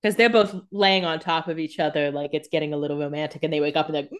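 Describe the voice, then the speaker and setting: Co-host, woman, lowish voice, quick reactive chat full of laughter. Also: steady tone, smooth. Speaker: podcast co-host. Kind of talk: casual recap chat.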